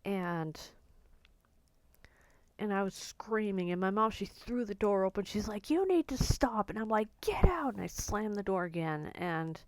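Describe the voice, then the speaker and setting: A woman telling a personal family story in a halting, emotional monologue with many restarts. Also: mid-range voice, steady tone, smooth, dry recording.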